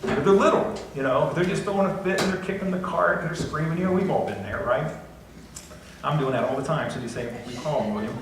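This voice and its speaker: A man's voice: fairly high pitch, brisk, a little hiss or hum. A middle-aged man preaching a conversational sermon as pastor, with folksy, self-deprecating asides. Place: church sanctuary. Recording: echoey church recording from a distance.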